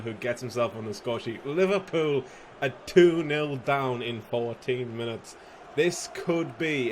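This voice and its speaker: A young man commentating his own football video game, slightly hoarse, bursting into shouts and laughter at goals. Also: medium pitch, a little hiss or hum. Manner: excitable, shouts at goals, casual swearing. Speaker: gaming youtuber.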